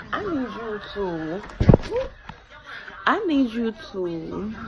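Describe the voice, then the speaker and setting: A woman's voice: medium pitch, gravelly, slight background noise, poor audio. A young woman from West Africa, sick and dizzy in bed at home, chatting playfully to her viewers in slang and repeating words for effect. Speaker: vlogger. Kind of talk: casual chat to camera.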